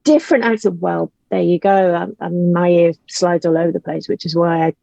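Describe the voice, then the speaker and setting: Woman guest, Liverpool accent toned down; mellow, lively, chatty; dry, slightly dull remote audio. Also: fairly low pitch, normal speed, vocal fry, no echo. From Liverpool, England. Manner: animated, laughing, trailing asides. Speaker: guest, writer and actor. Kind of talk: casual interview chat.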